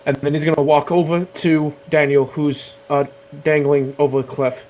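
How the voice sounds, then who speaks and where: A man playing a tabletop game, talking eagerly and quickly jumping in. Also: on the high side, steady tone, a little mellow, muffled recording, slight background noise. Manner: eager, talkative. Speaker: player. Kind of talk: casual tabletop play.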